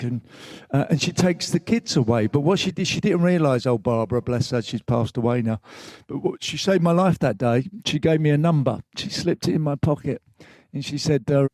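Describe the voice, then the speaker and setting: A man's voice: mid-range voice, normal speed, darkish tone, no room sound. An older man from England, a guest at a live event, telling his story in a candid, rambling way with swearing, emotional at times. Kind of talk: live stage conversation.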